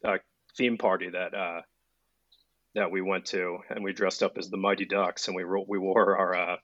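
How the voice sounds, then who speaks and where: A man's voice: deep voice, level tone, normal speed, a bit bright, dry recording. A man telling stories as a podcast guest, self-deprecating and hesitant. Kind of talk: casual storytelling chat. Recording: dull lo-fi sound.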